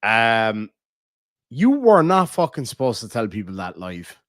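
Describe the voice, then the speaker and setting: A man's voice: medium pitch, wildly swooping pitch, unhurried, a bit bright, no echo, clean studio sound. Cork man, crude live-stream banter. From Ireland. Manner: crude, joking banter, heavy swearing. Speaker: live streamer reading chat. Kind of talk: casual live-stream chat.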